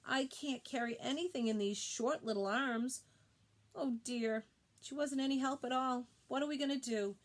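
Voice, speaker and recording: A woman voicing a tearful, gentle mother kangaroo in a children's storybook, pleading and sweet. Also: sits high, moderate pace, pitched above the performer's own voice.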